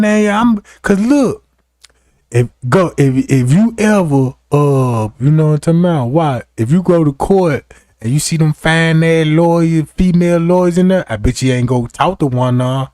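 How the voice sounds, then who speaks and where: Here a young man with a fairly high voice recounts a comic story, swearing freely and staying animated. He talks loosely and often checks in, asking "you know what I'm talking about." The clean studio recording carries no room sound.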